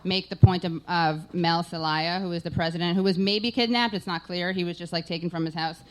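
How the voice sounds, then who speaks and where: A woman's voice: lowish voice, steady tone, a little fast. A woman hosting a live podcast, rambling through jokey anecdotes.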